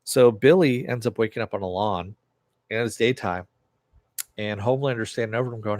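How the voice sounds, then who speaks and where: A man casually recapping a TV episode scene by scene, acting out the characters' lines with lots of "he goes" and swearing freely when excited. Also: on the low side, a little fast, no echo. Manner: excitable and profane. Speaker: TV episode reviewer.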